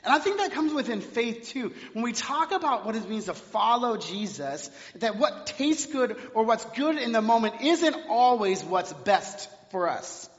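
A man's voice: very high voice, sing-song, unhurried, hardly any pauses. A man preaching a sermon in a church, telling stories in a chatty, filler-heavy way. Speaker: pastor. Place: church sanctuary. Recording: long reverb, dull lo-fi sound.

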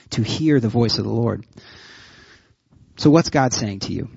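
A man pastor giving a sermon, telling stories with lively energy and frequent laughter, then closing in prayer. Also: medium pitch, no echo, lo-fi sound. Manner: animated storytelling, laughs often.

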